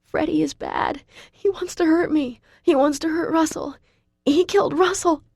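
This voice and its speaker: A woman voicing a feverish young woman whose voice is weak, thin, raspy and breathless. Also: mid-range voice, steady tone, moderate pace, dry recording, clean studio sound. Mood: panicked. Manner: soft and breathless.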